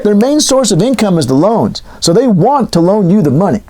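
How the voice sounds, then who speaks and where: A man's voice: high voice, very animated, moderate pace, a little mellow. A man teaching in a casual, joking lecture style, wandering into asides. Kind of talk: classroom lecture.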